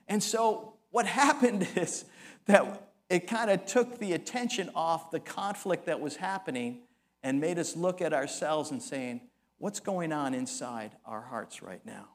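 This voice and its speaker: A man's voice: a little high, unhurried. A male pastor preaching a sermon, acting out scripture voices with dramatic shifts. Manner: dramatic, acts out quoted voices.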